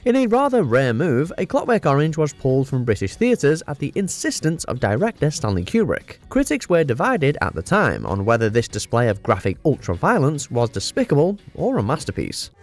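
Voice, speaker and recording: A man doing smooth, wry scripted narration for a countdown list video. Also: on the high side, wildly swooping pitch, a little fast, hardly any pauses. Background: background music.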